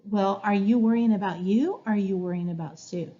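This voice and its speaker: A woman teacher explaining classroom rules to young children in a slow, clear, sing-song way. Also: medium pitch, mellow. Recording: dull lo-fi recording.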